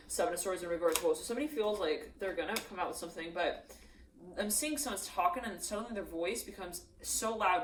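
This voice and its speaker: A woman gives a loose, rambling channeled tarot reading, acting out quoted voices along the way. Her voice is on the low side, and the distant mic in an echoey room picks up a little hiss or hum.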